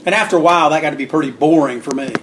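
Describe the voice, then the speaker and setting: Guy telling old stories, kinda high voice, acts out the quotes, clears throat a lot. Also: racing, a little hiss or hum. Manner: animated storyteller acting out quotes. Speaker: guest author. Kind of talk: storytelling interview.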